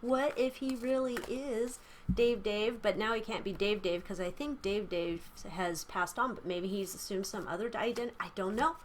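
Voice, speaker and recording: Casting: young woman, tarot vlogger, rambling chatty delivery, mid pitch, faint hiss behind her. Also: fairly even intonation, normal speed. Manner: chatty, rambling, giggly asides. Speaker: tarot reader. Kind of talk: casual tarot reading vlog. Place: small room at home. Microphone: camera mic.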